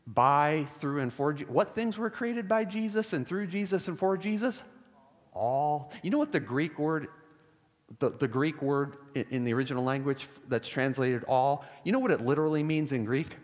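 A man preaching a sermon, emphatic and repeating key words for stress, with wry asides. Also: on the high side. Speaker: pastor. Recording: long hall reverb.

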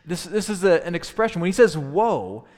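A man's voice: high voice, very animated, normal speed, darkish tone. A man preaching a sermon, teaching in a thoughtful tone with frequent restarts. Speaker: pastor. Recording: long hall reverb.

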